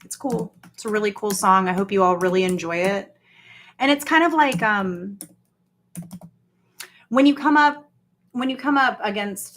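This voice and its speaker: A woman's voice: medium pitch, a bit bright. A woman chatting casually on a livestream, rambling and swearing as she talks straight to her viewers. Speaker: livestream host.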